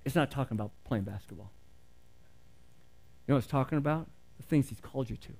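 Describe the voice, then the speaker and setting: A man's voice: medium pitch, fast talker, vocal fry, darkish tone. A middle-aged male pastor preaching a sermon in an earnest, conversational way, asking the congregation questions.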